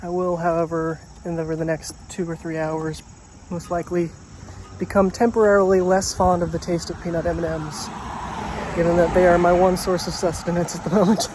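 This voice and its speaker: Walking outdoors beside a road for his vlog, a man talks casually with a wry, self-mocking humor. His voice is high-pitched, brisk, and level in tone, with traffic noise audible in the outdoor recording.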